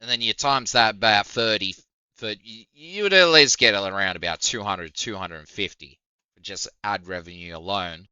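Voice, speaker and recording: A man's voice: lowish voice, moderate pace, bright, forceful tone, clear, resonant tone, dry recording, muffled recording. A man doing a heated, profane reaction rant on his stream. He sounds incredulous and mocks what he hears, with short laughs. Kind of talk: ranting reaction commentary.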